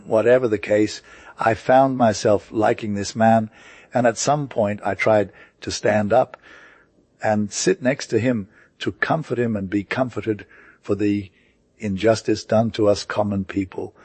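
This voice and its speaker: Male audiobook narrator, lowish voice, dry close recording, some slips. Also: measured pace, no room sound. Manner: steady reading with occasional slips and restarts. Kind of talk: audiobook reading.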